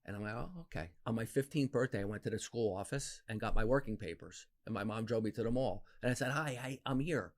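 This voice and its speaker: A man in his fifties from New Jersey, a podcast guest telling stories from his life in a casual, animated way. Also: fast talker, hardly any pauses. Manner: animated, acts out quoted voices with big pitch jumps. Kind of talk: casual storytelling interview.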